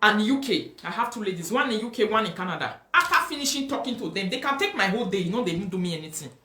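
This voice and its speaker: A Nigerian-accented woman hosts a live stream, lecturing viewers with emphatic, repeated points in a blend of Pidgin and English. Her voice sits at an ordinary middle pitch for a woman. The room around her is roomy and echoey. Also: lively intonation, fast talker, sharp tone. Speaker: host of a live talk show. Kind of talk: live-stream commentary, reading viewer comments.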